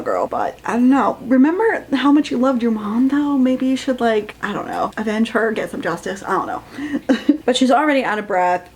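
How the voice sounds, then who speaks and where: A woman's voice: on the high side, low-quality recording. Sarcastic young woman ranting about a book. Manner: sarcastic, reads quotes aloud in mocking voices. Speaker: book reviewer. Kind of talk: casual rant review.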